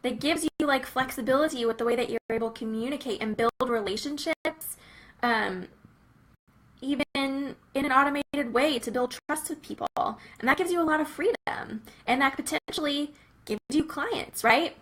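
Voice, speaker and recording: Woman, young adult, bright tone, slightly high voice, earnest casual faith-and-business talk, conversational fillers. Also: moderate pace, poor audio. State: briefly teary-eyed. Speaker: Christian business coach.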